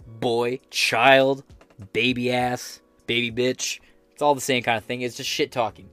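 A man's voice: medium pitch, steady tone, normal speed, a bit bright, no room sound, faint music behind. An American man hosting a podcast, giving blunt, profane and sarcastic political commentary while reading headlines aloud. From United States. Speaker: podcast host.

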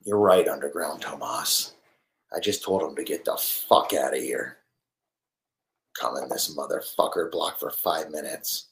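A man's voice: rumbling low, unhurried, gravelly, a bit bright. A young man live-streaming, ranting profanely about sports and snapping at his chat in a combative, rambling way. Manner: foul-mouthed, combative, rambling. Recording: roomy echo.

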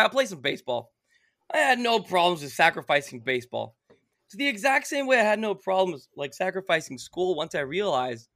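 A young man tells a rowdy, profanity-laced story, his voice high and swinging all over. The tone is bright and edgy. The sound is dry and close. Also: no room sound. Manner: animated, profane, bursts into shouts while telling a story. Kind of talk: casual storytelling.

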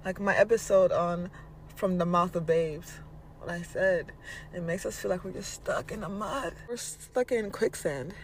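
A man's voice: high-pitched, a little slow, slight background noise. A man hosting a podcast, giving a blunt, casual spiritual motivational monologue and swearing freely. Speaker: podcast host.

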